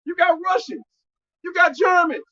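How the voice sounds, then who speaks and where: Male street preacher, high voice, loud and profane, muffled lo-fi recording. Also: moderate pace.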